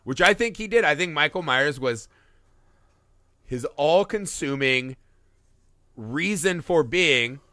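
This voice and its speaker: A man hosting a film podcast who swears freely and acts out scenes as he talks. His voice is bright and edgy, sits a little high and swings widely in pitch, with a dry, close sound. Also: takes it slowly, pauses often, no room sound. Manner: animated, profane, acts out movie scenes. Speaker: podcast host. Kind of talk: casual film podcast chat.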